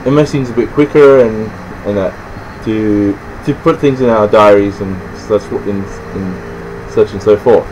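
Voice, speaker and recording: An Australian man explaining things casually and unscripted, halting and rambling with many restarts and fillers. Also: fairly low pitch, a little mellow, muffled recording, a little hiss or hum. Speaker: presenter explaining slang.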